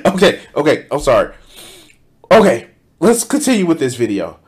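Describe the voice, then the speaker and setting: A man with a high, wildly swinging voice reacts to a video on stream and keeps pausing it to vent. He speaks slowly and drawls, then jumps into loud, swearing outbursts between stretches of muttering. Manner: animated, profane, interrupting with sudden loud outbursts; reads out donation thanks. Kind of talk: casual reaction commentary.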